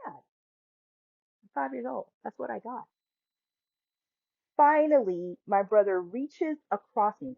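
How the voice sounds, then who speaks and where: A woman in her forties tells a personal story as a podcast host. She talks in an animated way and acts out the people she quotes. The sound is tinny and phone-like, with a dry, close feel. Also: medium pitch, no echo. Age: 40s. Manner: animated, acts out quoted voices, laughs often. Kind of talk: storytelling monologue.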